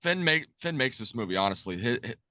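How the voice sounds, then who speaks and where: A young man co-hosting a podcast, speaking haltingly with frequent restarts. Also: medium pitch, big pitch swings, sharp tone, dry recording, studio quality. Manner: halting, restarts often, laughs a lot. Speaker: podcast co-host. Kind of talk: casual podcast chat.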